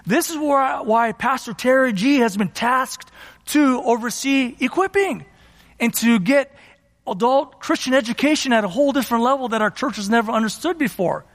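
A man's voice: very high-pitched, lively intonation, moderate pace, in a large hall. A middle-aged man preaching a sermon as a pastor, emphatic and exhorting, often repeating his phrases. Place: church sanctuary.

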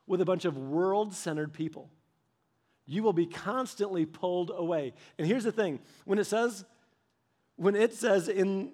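A man giving a sermon as a pastor, chatty and full of personal stories, often speaking straight to his listeners. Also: sits high. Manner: conversational, anecdotal, speaks straight to the audience.

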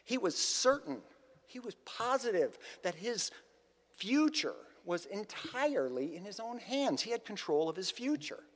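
A man preaching a sermon in a conversational, animated storytelling manner. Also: high-pitched, unhurried, big-room sound. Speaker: pastor.

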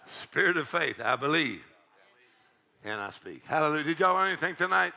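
A man preaching a charismatic sermon in a church, exuberant, shouting, whooping and leading the congregation in laughter. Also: on the high side, big pitch swings, moderate pace, gravelly, long pauses. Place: church sanctuary.

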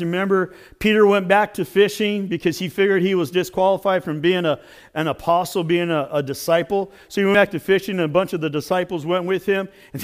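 A man pastor preaching a sermon in an animated, conversational storytelling way. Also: high-pitched.

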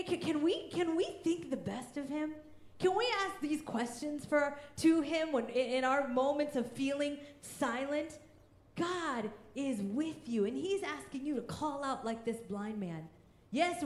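A woman's voice: high voice, a little mellow, roomy sound. A woman in her thirties preaching a sermon as pastor, emphatic and fervent, often raising her voice.

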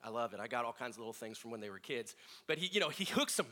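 A man's voice: medium pitch, rapid-fire. A middle-aged man sharing personal family stories in a reflective sermon, acting out voices as he tells them. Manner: reflective, animated in quoted voices.

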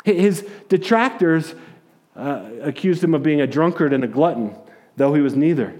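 A man preaching a sermon, retelling a story in a casual, animated way with jokes and acted-out quotes. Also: on the high side, normal speed. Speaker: pastor.

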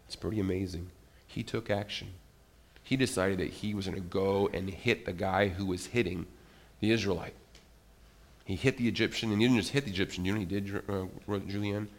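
A man leading a children's church service, telling a Bible story in an animated way, asking the kids questions and calling on them by name. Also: sits low, a little fast.

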